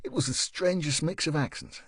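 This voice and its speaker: A man narrating an audiobook in a steady, even storytelling manner. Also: fairly high pitch, brisk, breathy edge, no echo, studio quality. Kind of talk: scripted narration.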